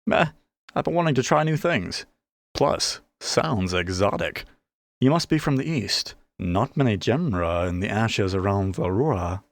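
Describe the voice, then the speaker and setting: A man's voice: lowish voice, expressive, a little slow, vocal fry, no room sound. A man voicing a timid young male cat-folk fire mage who speaks nervously. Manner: nervous, tentative.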